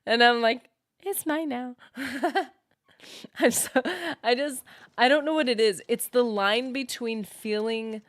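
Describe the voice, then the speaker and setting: A woman's voice: a little high, fairly even intonation, slow pace, dry recording, clean studio sound. A woman streaming a game, chatting casually with viewers in a rambling way, full of fillers, and reading out chat comments.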